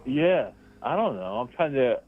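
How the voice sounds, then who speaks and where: Slow-talking man on a phone line. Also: mid-range voice, sing-song. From Texas. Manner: laid-back, rambling, trailing off. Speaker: caller. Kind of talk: casual call-in chat. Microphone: phone call.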